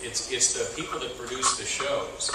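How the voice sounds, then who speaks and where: A man's voice: medium pitch, flat delivery, normal speed, background noise. A man on a panel giving blunt, firm advice, repeating his points insistently. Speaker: panelist, radio professional. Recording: echoey hall, recorded from far off.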